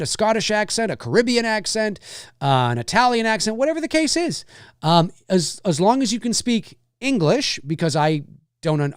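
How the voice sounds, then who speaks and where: A man's voice: a little high, no room sound, clean studio sound. A man hosting a casual livestream, chatting in a meandering way and thinking aloud as he answers viewers. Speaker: livestream host answering chat.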